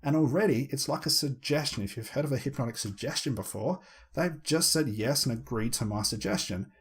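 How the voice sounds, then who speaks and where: A man teaching conversational hypnosis, explaining steps and demonstrating a slow, soothing hypnotic tone with lots of repetition. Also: mid-range voice, slightly rough. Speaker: hypnosis trainer. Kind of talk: instructional talk with spoken demonstrations.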